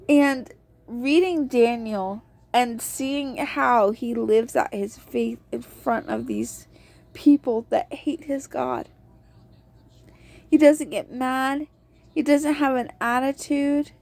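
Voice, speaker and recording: A woman's voice: sits high, takes it slowly, a little mellow, dry recording. A woman hosting a podcast, giving a casual devotional talk on a Bible book and acting out quotes in an earnest storytelling tone.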